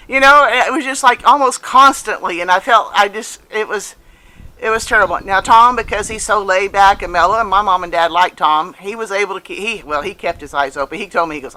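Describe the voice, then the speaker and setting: A woman's voice: medium pitch, brisk, bright, forceful tone. A woman in her fifties telling a personal story to camera in a casual, earnest way, repeating phrases for emphasis. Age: 50s. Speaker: vlogger.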